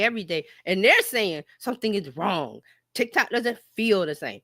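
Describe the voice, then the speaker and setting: A woman hosting a casual livestream chat as a marketing coach, talking in an animated way and slipping into playful quoted voices. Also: a little high, no echo, studio quality. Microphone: home streaming mic.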